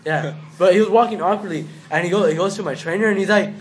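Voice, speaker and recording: A man's voice: sits high, quick pace, a little hiss or hum, rough recording. A young man telling a story in casual chat with friends, rambling with lots of fillers and swearing. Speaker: amateur boxer.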